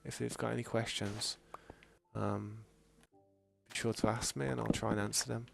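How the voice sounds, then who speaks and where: Brummie male game streamer, low voice with gravel, chatty and meandering. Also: fairly even intonation, moderate pace, music in the background. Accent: Birmingham English. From England. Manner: rambling, chatty, reads chat messages aloud. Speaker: gaming streamer. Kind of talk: casual live-stream chat.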